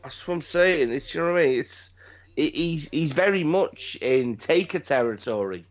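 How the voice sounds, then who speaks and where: A man's voice: a little high, expressive, normal speed. Rambling, profane man on a lo-fi podcast. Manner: rambling, profane, repeats himself. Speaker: podcast host. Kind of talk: casual chat. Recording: dull lo-fi recording.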